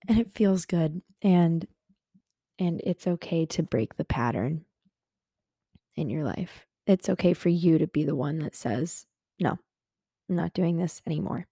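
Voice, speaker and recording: A woman's voice: sits low, measured pace, gravelly, long pauses, warm tone, slightly rough, no echo, clean studio sound. A young adult woman hosting a podcast from her bed, a little hungover, talking earnestly about self-kindness with many fillers. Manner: earnest, rambling, lots of fillers. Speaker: podcast host. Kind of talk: casual self-help talk.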